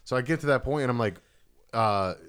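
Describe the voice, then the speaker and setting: A man's voice: medium pitch, brisk, a bit bright, smooth. A man with an East Coast accent telling a heated story on a podcast, swearing freely. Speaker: podcast co-host. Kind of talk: casual podcast chat.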